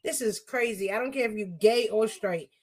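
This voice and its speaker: A woman's voice: medium pitch, moderate pace, a little mellow. A young woman talking in casual podcast chat, blunt, profane and emphatic.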